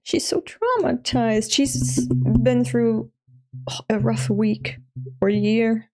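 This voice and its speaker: A woman's voice: fairly high pitch, very slow, a little mellow, faint music behind. A woman in her thirties from Europe, chatting casually on a live stream, laughing often and swearing offhand. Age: 30s.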